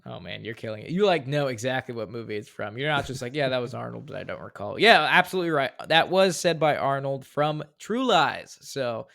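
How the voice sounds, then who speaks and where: A man co-hosting a podcast, casually running a movie quote quiz and reading lines out flatly. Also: medium pitch, brisk, vocal fry, few pauses. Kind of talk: casual chat.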